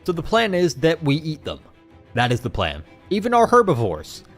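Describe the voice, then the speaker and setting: Excitable young man commenting on gameplay. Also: a little high, normal speed, faint music behind. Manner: excitable, swings between flat asides and loud outbursts. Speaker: gaming YouTuber.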